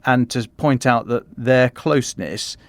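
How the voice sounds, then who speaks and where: A man's voice: mid-range voice, a little slow, dry recording. A man co-hosting a podcast, musing aloud in casual discussion, often restarting his sentences. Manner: thinking aloud, frequent restarts and fillers.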